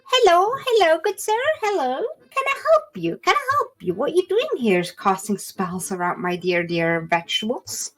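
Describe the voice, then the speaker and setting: A woman's voice: on the high side, very animated, moderate pace, hardly any pauses, soft background music. A woman voicing a cheerful, chatty halfling farm woman who fusses and repeats herself. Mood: fussy. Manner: bubbly, fussy, repeats herself. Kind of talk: tabletop role-play voice.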